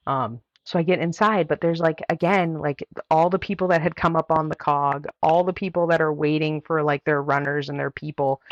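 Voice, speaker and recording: A woman's voice: low-pitched, steady tone, moderate pace, few pauses, no room sound. A woman guest on a talk show, telling a story in a chatty way with lots of filler words. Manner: chatty, heavy use of "like" fillers. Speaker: guest runner. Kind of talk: casual storytelling. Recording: dull, dry lo-fi audio.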